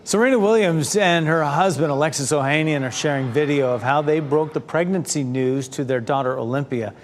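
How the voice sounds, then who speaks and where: A man anchoring a local midday newscast, reading stories in a brisk, upbeat way. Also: a little high, a little hiss or hum. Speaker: news anchor.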